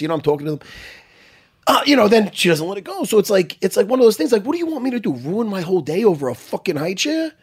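Telling a story in profane, casual conversation, a middle-aged man speaks quickly and in a sing-song way with a husky, somewhat rough voice. His pitch swings widely as he gets more worked up.

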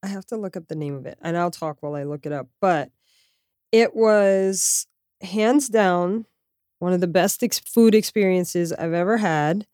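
Animated woman telling a story, dry sound. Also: fairly low pitch, moderate pace, smooth, no room sound. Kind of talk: casual travel chat.

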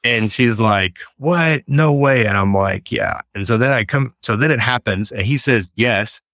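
A middle-aged Texan appears as an interview guest, telling stories in an earnest, animated way. His voice is on the low side, at normal speed, with no room sound.

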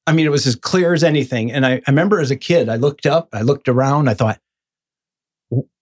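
A man in an interview telling his own story in a casual, animated way, acting out the voices of people he quotes. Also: fast, breathy edge. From Michigan. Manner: animated, acts out quoted voices with sudden high bursts.

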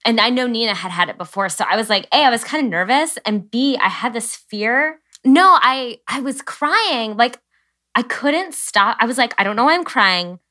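A woman with a bright, fairly high voice tells her story candidly on a podcast. She sounds a little self-conscious, and her tone is crisp and forward. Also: animated, moderate pace. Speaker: podcast co-host. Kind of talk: casual podcast conversation.

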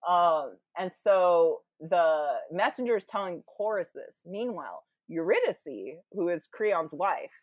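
A woman's voice: lowish voice, animated, slow pace, few pauses, dry recording. A young woman retelling a Greek tragedy in a casual, chatty way, with lots of fillers and little acted-out quotes.

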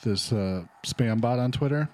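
A man's voice: medium pitch, a little mellow. Hesitant man co-hosting a podcast. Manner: halting, hesitant, many fillers. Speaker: podcast co-host. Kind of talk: casual chat recapping a reality show.

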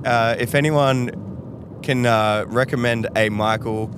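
An Australian man co-hosting a podcast who chats casually and chimes in with quick reactions. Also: medium pitch, fairly even intonation, noisy background. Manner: laughing, chiming in with quick reactions. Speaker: podcast co-host. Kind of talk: casual chat. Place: tour bus.

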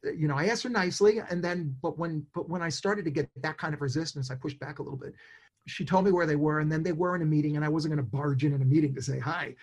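Animated storytelling man in his sixties. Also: on the high side, breathy edge. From New York, USA. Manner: animated, acts out his own thoughts in quick asides. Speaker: interview guest, songwriter and producer. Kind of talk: conversational storytelling.

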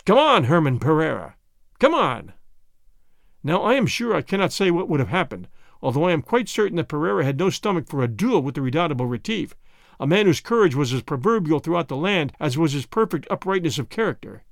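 A man reading a novel aloud as scripted narration, expressive and lightly voicing each character. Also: fairly high pitch, fast, gravelly, no echo, clean studio sound. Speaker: audiobook reader.

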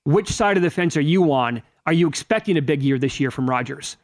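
A man's voice: fairly high pitch, lively intonation, brisk, no room sound, studio quality. Chatty male sports radio host. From Wisconsin. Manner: conversational, with filler and restarts.

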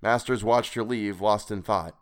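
A man narrating a weird tale in a measured, expressive reading. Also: lowish voice, smooth. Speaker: podcast reader. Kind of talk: scripted story narration.

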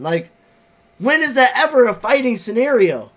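Young male co-host, fairly high voice, animated storyteller who curses freely. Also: moderate pace. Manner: animated, profane, acts out his own reactions. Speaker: podcast co-host. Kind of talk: casual chat.

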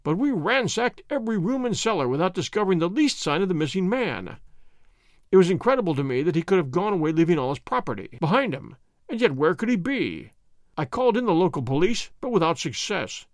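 A man narrating a classic detective story in the first person, with lively, expressive delivery. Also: high-pitched, fairly quick, no room sound, clean studio sound.

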